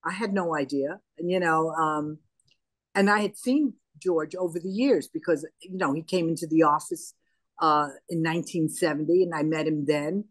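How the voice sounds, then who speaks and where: An older woman recounts anecdotes in a relaxed, conversational way and voices the dialogue as she tells it. Her voice sits on the low side, recorded close and dry with no room sound. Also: normal speed, no room sound. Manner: anecdotal, animated retelling with quoted dialogue. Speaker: interview guest. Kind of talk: conversational storytelling.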